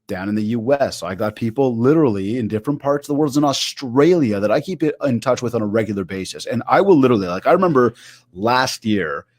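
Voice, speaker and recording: A man talks through a video call in an eager, story-driven way, acting out quotes as he goes. His pitch sits mid-range and the sound is dry and close, with no room around it. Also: quick pace, no echo. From Canada. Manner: animated storyteller, acts out quotes. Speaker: keynote speaker guest. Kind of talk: casual interview chat.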